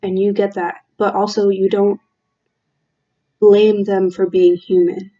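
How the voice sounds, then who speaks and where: A woman giving a tarot reading from a room at home, talking in a slow, halting, reflective way with many fillers. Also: mid-range voice, level tone, mellow, muffled recording. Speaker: tarot reader.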